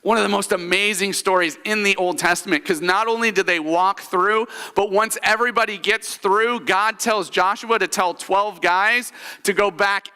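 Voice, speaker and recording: Bright-voiced pastor in a reverberant church. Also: male voice, sits high, steady tone, moderate pace, clear, resonant tone. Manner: storytelling, leads congregation in call-and-response recaps. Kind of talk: sermon. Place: church sanctuary.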